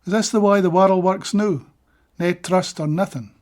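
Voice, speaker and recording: A Scottish man giving a measured, deliberate poetry reading of his own translations, with brief plain-spoken asides between poems. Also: high voice, darkish tone.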